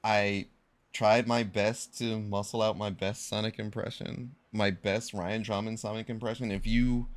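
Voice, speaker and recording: Slow, low-voiced young male streamer. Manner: rambling, self-correcting, slangy storytelling. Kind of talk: casual live-stream chat.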